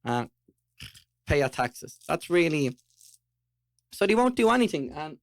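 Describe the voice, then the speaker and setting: A man's voice: a little high, a little slow, creaky, dry recording. Irish man ranting over chat, dry mic. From Ireland. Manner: animated, ranting, chewing toffee while talking. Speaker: podcast co-host. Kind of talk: casual chat.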